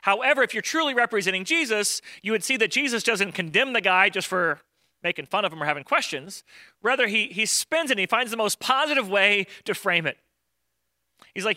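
A man's voice: high voice, lively intonation, fairly quick, bright, forceful tone, no echo. A man preaching a conversational sermon, acting out Bible scenes in everyday modern speech. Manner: conversational, acts out Bible dialogue in modern voices. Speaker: pastor.

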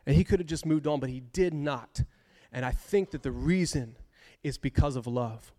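A man preaching a sermon as a pastor, animated and conversational, repeating key phrases for emphasis. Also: mid-range voice, normal speed.

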